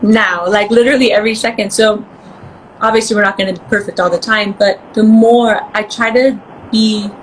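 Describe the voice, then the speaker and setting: A woman guest in a casual interview chat, bubbly and quick to laugh, acting out voices as she tells stories. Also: medium pitch, fairly even intonation, a little hiss or hum, rough recording.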